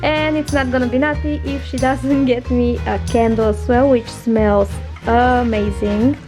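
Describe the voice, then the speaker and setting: A woman's voice: fairly high pitch, fairly even intonation, a little slow, over music. A young woman vlogging casually in a chatty, upbeat way. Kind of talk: casual vlog narration. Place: home and outdoors around town.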